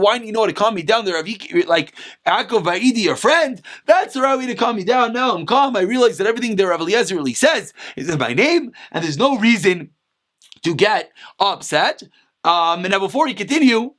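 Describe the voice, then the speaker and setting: High-voiced man teaching Talmud excitably. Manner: reads Aramaic phrases then explains in casual English; excitable, voice jumps up when stressing points. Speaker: rabbi teaching daily Talmud class. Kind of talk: Talmud lesson, reading and translating.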